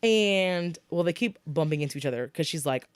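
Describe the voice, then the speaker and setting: A young woman co-hosting a podcast, chatting casually and telling animated stories about shows and books, acting out what people said. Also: low voice, smooth, no room sound. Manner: rapid gossipy storytelling, acts out quotes. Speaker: podcast co-host. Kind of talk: casual chat.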